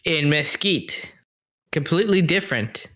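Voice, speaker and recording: A man's voice: a little high, animated, unhurried, pushed and bright. A man co-hosting a podcast over a voice call, chatting casually, thinking aloud and often trailing off mid-sentence. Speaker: podcast co-host.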